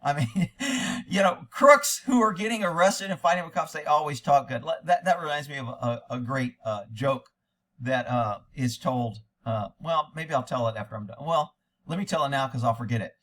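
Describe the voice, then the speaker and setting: A man's voice: a little high, expressive, normal speed, fairly bright tone. A middle-aged man, a former police officer, giving blunt, profane casual commentary and laughing often.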